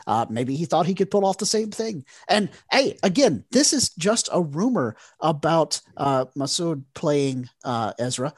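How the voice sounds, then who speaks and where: A man co-hosts a casual podcast chat, rambling along with plenty of fillers. His pitch swings up and down a lot as he gets going. The sound is dry and close. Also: lively intonation, unhurried, few pauses, breathy edge, no room sound. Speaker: podcast co-host.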